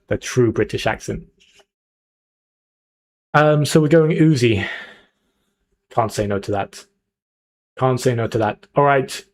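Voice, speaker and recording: A young man hosts a casual livestream, talking straight to his chat in an excited, chatty way. His voice sits in a middle pitch, and he keeps the energy up as he riffs with viewers. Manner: chatty, hyped, talks to chat. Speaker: streamer.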